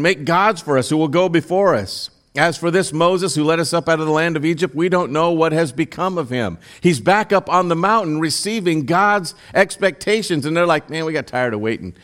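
A man's voice: on the high side, a bit bright. Man preaching a scripture sermon. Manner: reads scripture then preaches with rising intensity and direct questions. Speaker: pastor.

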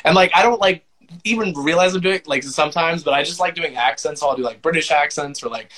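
A man's voice: a little high, fast talker, a bit bright. A man, a voice actor and musician, talking in a laid-back, self-deprecating way with lots of fillers in a casual interview.

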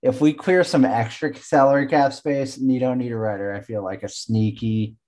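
A man's voice: mid-range voice, normal speed, darkish tone. A man co-hosting a casual sports podcast, talking in a laid-back way with lots of fillers and sounding tired. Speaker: podcast co-host.

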